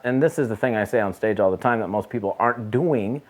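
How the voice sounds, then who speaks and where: A man's voice: mid-range voice, fast talker, few pauses. A middle-aged man, a network marketing trainer, telling a story to camera in a casual motivational talk and repeating points for emphasis.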